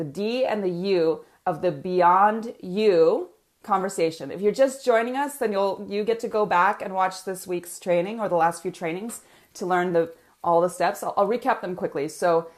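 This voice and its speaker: A woman coach leading a live online training. She talks in an animated way, laughs often and uses frequent filler words. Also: lowish voice. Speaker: business coach teaching a training.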